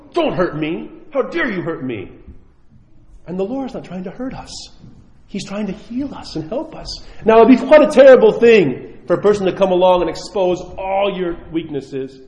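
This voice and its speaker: Male preacher, sermon, lively rising and falling voice, slightly raised pitch, echoey hall, dull lo-fi sound. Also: a little fast. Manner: animated storytelling, acting out quoted voices.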